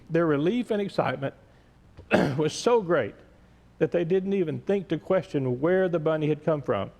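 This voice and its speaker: Male pastor, storytelling sermon, gentle, measured, slightly high voice, long church reverb. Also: animated, gravelly. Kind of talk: reading a story aloud in a sermon. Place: large church sanctuary. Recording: echoey church sanctuary.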